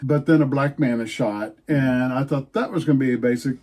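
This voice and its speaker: A man co-hosting a casual book chat, recapping plots loosely and giving quick verdicts. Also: medium pitch, a little mellow. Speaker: book channel co-host.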